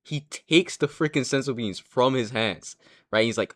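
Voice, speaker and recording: A young man giving casual commentary, rambling and excitable, with frequent restarts and casual swearing. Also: mid-range voice, moderate pace. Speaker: anime commentary creator.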